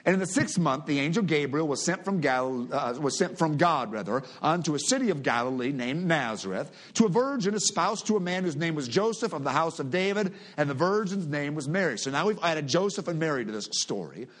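A man's voice: on the high side, expressive, fairly quick, few pauses. A middle-aged man preaching a sermon, reading scripture aloud and leading his congregation in prayer. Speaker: pastor.

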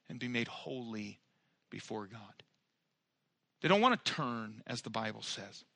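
A male pastor preaching a sermon in church, building to loud emphatic peaks and dropping to quiet, personal asides. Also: medium pitch, lively intonation, a little slow, gravelly, long pauses, dry recording, studio quality. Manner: preaching with swelling, emphatic rises and soft drops.

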